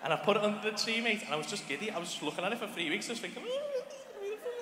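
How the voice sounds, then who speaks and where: A young male stand-up comedian with a Liverpool accent. He tells a story on a club stage, excitable and profane, rambling on a stage mic. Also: high-pitched, rapid-fire, over a noisy crowd. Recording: echoey live club hall with audience.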